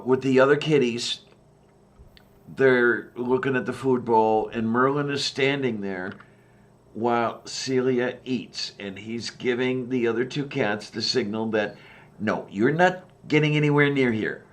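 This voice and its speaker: A man chatting casually as a podcast co-host, often pausing with "uh" and "um". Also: medium pitch, steady tone. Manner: hesitant, many "uh" and "um" pauses. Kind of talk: casual chat.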